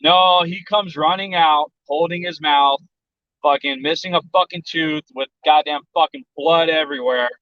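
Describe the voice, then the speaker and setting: A man's voice: a little high, normal speed, no echo, muffled recording. A man from South Texas telling a story in casual chat, blunt and profane, and he acts out the voices of other people. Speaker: podcast guest.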